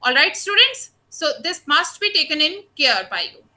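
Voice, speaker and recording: A woman teacher with an Indian English accent giving an online lecture, explaining slowly and addressing her students often. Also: sits high, sing-song, pushed and bright, rough recording.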